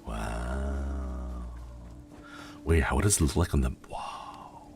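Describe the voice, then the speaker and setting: A man streaming a game from home and chatting casually. He is sleepy and yawning, and he muses dreamily with soft exclamations of delight. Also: very deep voice, takes it slowly, gravelly, over music. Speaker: livestreamer. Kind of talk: casual gameplay commentary.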